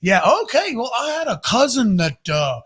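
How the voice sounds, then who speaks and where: A man co-hosting a podcast, telling a long story in a rambling, animated way with plenty of swearing. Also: very high voice, moderate pace, breathy edge. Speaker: podcast co-host. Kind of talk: casual storytelling chat.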